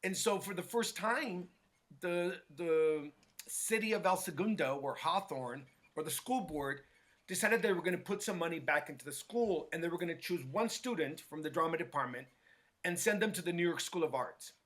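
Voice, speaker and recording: A middle-aged man with a high, bright voice recounts his past in a relaxed interview. He gets animated, slips into the voices of people he quotes, and keeps tossing "right?" to his listener. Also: normal speed. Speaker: guest, hair stylist. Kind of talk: casual storytelling interview.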